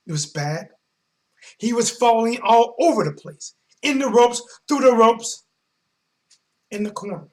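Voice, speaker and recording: High-voiced male stream host, hyped slangy sports commentary with loud-soft swings. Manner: animated, slangy, swings between mumbling and shouting. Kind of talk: casual live-stream commentary.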